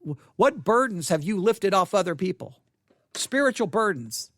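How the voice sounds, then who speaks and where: A man's voice: sits high, sing-song, moderate pace, a bit bright, no echo, studio quality. A man giving a devotional Bible teaching for a podcast, thinking aloud with restarts and stammers while seated at a desk.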